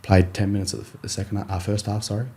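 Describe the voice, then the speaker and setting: A man's voice: lowish voice, flat delivery, very fast, mellow. A young Australian man, a rugby league player, telling his story in a casual interview, rambling with many fillers and acting out his coach's words.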